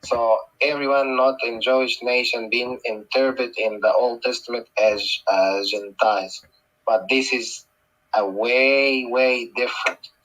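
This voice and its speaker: Bright-voiced man on a phone line. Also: medium pitch, fairly even intonation. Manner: explanatory, speaks in short halting phrases. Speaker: guest speaker. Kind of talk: explaining scripture in a conversation.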